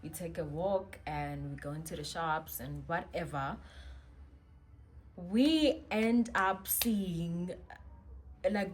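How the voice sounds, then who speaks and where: A woman telling a personal story as a vlogger, chatty and expressive with many asides. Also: fairly low pitch, slight background noise. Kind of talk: storytime monologue.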